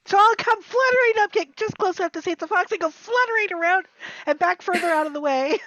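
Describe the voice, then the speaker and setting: Very high-voiced playful woman player. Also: fast talker, a bit bright, dry recording, muffled recording. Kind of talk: casual chat.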